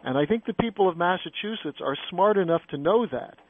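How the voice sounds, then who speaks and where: A man's voice: high voice, expressive, brisk, no room sound. A man hosting a political talk radio show, putting pointed questions to his guests. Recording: phone-like narrow band radio sound.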